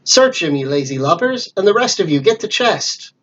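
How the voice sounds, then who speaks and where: A man's voice: sits high, sing-song, normal speed, a bit bright, dull audio, voice pushed up, exaggerated voice. A man voicing a furious blind old male pirate who roars commands. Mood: enraged. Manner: roaring, commanding.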